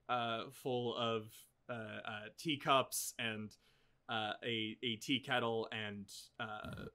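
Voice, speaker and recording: A man running a tabletop game, describing the scene at a slow, easy pace. His voice is bright and forward, and fillers and asides trail through his lines. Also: mid-range voice, smooth. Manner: unhurried, many fillers and asides. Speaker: game master.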